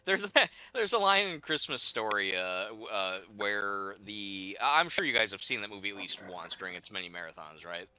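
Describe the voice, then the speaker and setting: Lively, bright-voiced man telling a rambling story. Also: lowish voice, normal speed, hardly any pauses, slight background noise. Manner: rambling storyteller with many fillers and restarts. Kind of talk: casual gaming chat.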